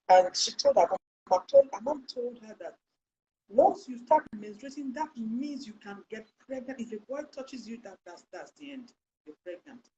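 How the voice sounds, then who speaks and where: A woman hosting a Christian health talk show, speaking in a lively, sermon-like way with loud bursts for emphasis. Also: medium pitch, slight background noise, low-quality recording. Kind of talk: live online talk show, preachy storytelling.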